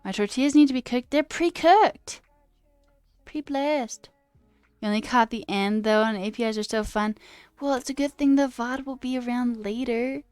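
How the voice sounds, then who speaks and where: A woman chats casually on a stream, rambling through chat messages with frequent laughs and the odd swear. Her voice is smooth and clear, recorded dry and close on a desk mic, with faint music playing underneath. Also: on the high side, fairly even intonation, a little fast, a little mellow, no room sound.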